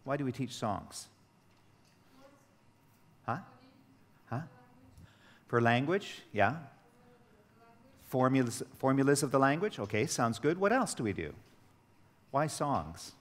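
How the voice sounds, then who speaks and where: A man's voice: medium pitch, takes it slowly, pauses often. Man leading a teacher workshop, echoey hall. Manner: lively storytelling with acted dialogue. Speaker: teacher trainer. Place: training hall. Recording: echoey hall with long reverb.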